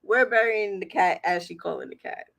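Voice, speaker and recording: A woman's voice: medium pitch, lively intonation, normal speed, vocal fry, fairly bright tone. A woman hosting a livestream, telling a story casually, laughing often and acting out what people said. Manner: chatty, laughs often, acts out quotes. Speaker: livestream host.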